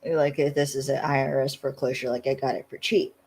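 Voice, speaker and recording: A woman's voice: rumbling low, flat delivery, fast talker, darkish tone, low-quality recording. A woman from western Pennsylvania co-hosting a casual podcast, recapping a TV episode in a rambling way, full of "like" and "you know". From western Pennsylvania, USA. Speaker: podcast co-host.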